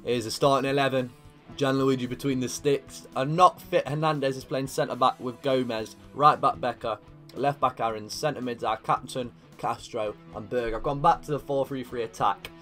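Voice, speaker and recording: A young man commenting live on his own football video game career, dry one moment and yelling at big chances the next. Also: mid-range voice, moderate pace, faint music behind. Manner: excitable, shouting at big moments, dry asides. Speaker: gaming YouTuber.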